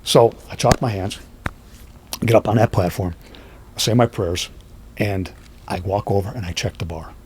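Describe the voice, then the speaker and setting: A man who is a podcast guest, telling stories in a lively way and acting out what people said. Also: lowish voice, normal speed, long pauses, breathy edge. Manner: lively, acts out quoted speech. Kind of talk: animated storytelling.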